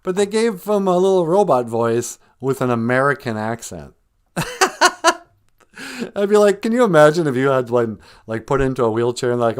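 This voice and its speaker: Male comedy podcast host, deadpan and rambling, animated pitch. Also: normal speed, smooth. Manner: rambling, deadpan, mock-earnest. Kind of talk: deadpan satirical comedy monologue.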